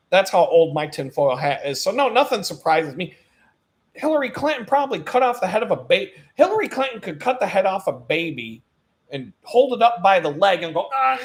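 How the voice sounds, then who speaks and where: Animated, profane man ranting on a stream. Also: high voice. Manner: animated, profane, laughs at his own jokes. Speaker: live-stream host. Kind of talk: ranting monologue.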